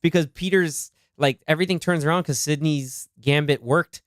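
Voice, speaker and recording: A man co-hosting a casual movie podcast, excitable, laughing often and acting out lines from the film. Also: on the high side, moderate pace, dry recording, clean studio sound. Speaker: podcast co-host. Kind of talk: casual movie discussion chat.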